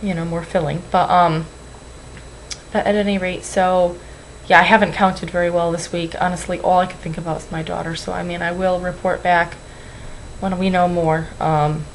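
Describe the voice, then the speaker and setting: A woman's voice: lowish voice, little pitch movement, normal speed, slight background noise, poor audio. Rambling, nervous young woman on webcam. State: tearful. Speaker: weight-loss vlogger. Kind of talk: emotional webcam vlog.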